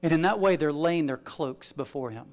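Preaching with energy, this pastor alternates booming points with hushed remarks. He speaks at a moderate pace in a slightly high voice.

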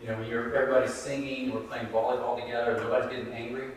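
A man's voice: mid-range voice, flat delivery, rapid-fire, far from the mic, slight background noise. A man preaching a sermon, speaking earnestly and conversationally and repeating his key phrases. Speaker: pastor. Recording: echoey hall, voice picked up from afar.

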